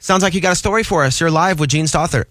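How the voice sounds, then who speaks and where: A man co-hosting a talk radio show, briskly reading listener emails and taking calls. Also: a little high, a bit bright, dry recording, clean studio sound. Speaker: radio co-host. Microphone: studio mic.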